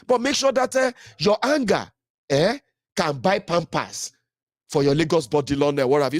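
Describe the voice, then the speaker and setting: A man's voice: a little high, lively intonation, normal speed, no room sound, studio quality. A man with a Nigerian accent giving heated political commentary, fiery and mocking, slipping into Pidgin.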